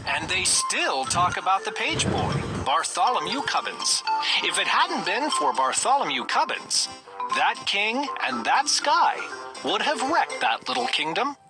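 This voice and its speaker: A narrator reading a children's storybook aloud in a slow, expressive manner. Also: medium pitch, over music, poor audio.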